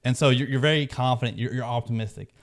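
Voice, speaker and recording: A man's voice: medium pitch, fairly even intonation, fast talker. A man hosting his own video, talking casually and rambling with many restarts and fillers. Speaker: video host. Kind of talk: casual talk to camera.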